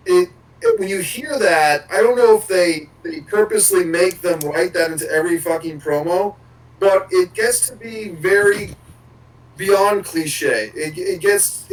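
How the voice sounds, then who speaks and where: A man's voice: high voice, far from the mic, poor audio. A man co-hosting a podcast, rambling casually and swearing now and then. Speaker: podcast co-host.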